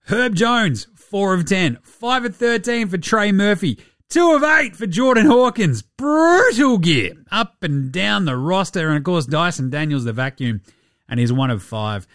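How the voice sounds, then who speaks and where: Lively, sweary Australian man. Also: sits high, a little slow, smooth, no room sound, studio quality. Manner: lively, sweary, mocking banter. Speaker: podcast host. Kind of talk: casual sports commentary.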